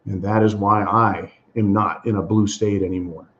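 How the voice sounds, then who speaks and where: A man's voice: fairly low pitch, steady tone, moderate pace. An indignant American man hosting a political commentary monologue, talking emphatically and calling his listeners folks. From USA. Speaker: channel host. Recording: slightly dull lo-fi sound.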